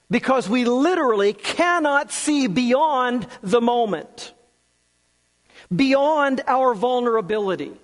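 A man with a fairly high voice preaches slowly and earnestly, leaving long pauses and letting key words sink low and soft. His voice rings out with a long reverb, as in a large hall. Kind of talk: sermon.

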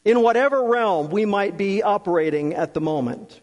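A man preaching a sermon, earnest and deliberate, often sinking to a soft, low voice on key words. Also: animated. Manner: slow, earnest, with long pauses and drops to a soft low voice. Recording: long hall reverb.

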